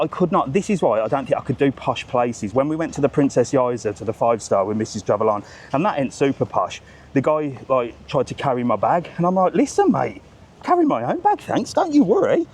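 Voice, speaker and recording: A man's voice: medium pitch, animated, fairly quick, slight background noise. A middle-aged man vlogging as he walks outdoors, chatty and ranting, swearing freely. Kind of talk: casual walking vlog. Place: outdoors at a seaside market town.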